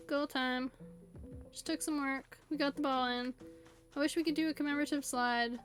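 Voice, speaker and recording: A woman streamer giving casual, chatty gameplay commentary in a playful way that is quick to laugh, recorded on a desk mic at home. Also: high-pitched, fairly even intonation, a bit bright. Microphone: desk USB condenser mic. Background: faint game music.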